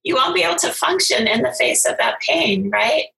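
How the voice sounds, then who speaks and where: A woman's voice: high voice, expressive, normal speed, creaky, bright, forceful tone, roomy sound, poor audio. A middle-aged woman speaking as a guest, telling a story in an earnest, encouraging way. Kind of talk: heartfelt conversational storytelling.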